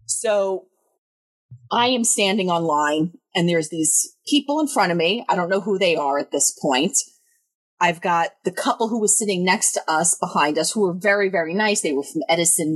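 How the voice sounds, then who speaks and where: A woman telling a story in casual chat, animated, swearing freely and laughing as she goes. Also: mid-range voice, no room sound.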